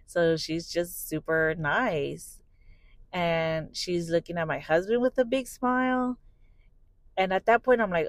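A woman's voice: on the low side, a little slow, dry recording, rough recording. A young adult woman hosting a podcast, candidly telling a personal story, swearing freely and acting out what people said. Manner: candid, swears freely, acts out quoted dialogue. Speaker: podcast host.

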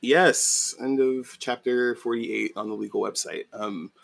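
A podcast co-host in casual chat, tossing in quick slangy asides. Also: medium pitch, gravelly.

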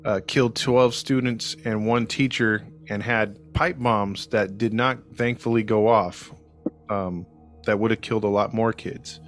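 With faint music in the background, a man narrates a podcast story loosely and jokingly, like a conversation, pausing on ums and starting sentences over. He speaks in a lowish, steady tone.

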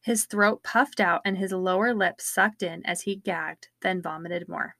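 A woman co-host reads aloud from a true-crime book in a steady, measured storytelling voice. Her tone is bright and forward. The sound is close and dry. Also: on the low side, creaky, dry recording. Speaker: podcast co-host.

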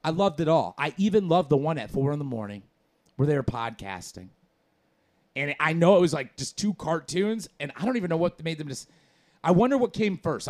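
A man co-hosting a podcast in casual chat, animated, rambling and slangy. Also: on the high side. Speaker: podcast co-host.

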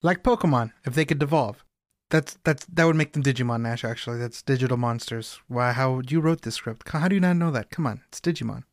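A man co-hosting a comedy podcast, riffing with sarcastic jokes and animated outbursts. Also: mid-range voice, a little fast, no echo, clean studio sound. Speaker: podcast co-host. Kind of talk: comedic casual banter.

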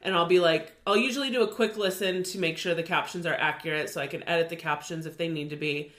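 A woman's voice: on the low side, fast talker, fairly bright tone. A young woman with a Californian accent, chatting casually as a podcast co-host and saying "like" often. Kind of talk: casual chat.

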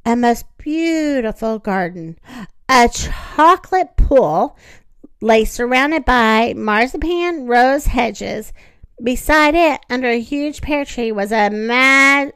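A woman reading a children's story aloud in an expressive, animated way. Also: fairly high pitch, clean tone, dry recording.

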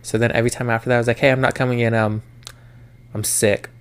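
Smooth-voiced young man telling stories. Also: medium pitch, little pitch movement, fast talker. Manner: storytelling with profanity, acting out work arguments. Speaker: podcast co-host. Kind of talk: casual chat.

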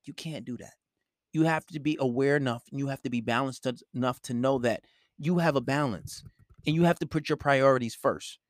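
A man's voice: mid-range voice, a little fast, no room sound, studio quality. A man giving blunt, profane relationship advice in a lecturing monologue.

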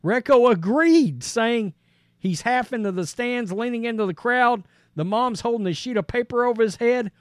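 A man's voice: very high-pitched, no room sound, clean studio sound. A male podcast host giving blunt, conversational sports commentary, reading out quotes and then reacting to them.

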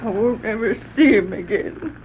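Lady playing a slow earnest frontier wife, kinda high voice, muffled old radio. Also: close to an everyday voice. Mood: mournful. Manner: slow, heartfelt. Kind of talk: 1940s radio drama acting. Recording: dull old radio recording with faint hiss.

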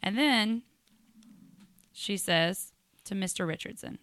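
A woman co-hosting a casual podcast, talking frankly and reading a long letter aloud at a quick steady clip. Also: mid-range voice, dry recording. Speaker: podcast co-host.

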